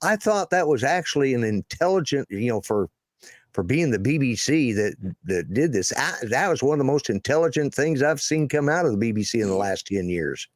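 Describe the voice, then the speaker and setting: A man's voice: medium pitch, very animated, brisk, dry recording, studio quality. A man hosting a casual political chat show, rambling with many fillers and restarts. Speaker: show host.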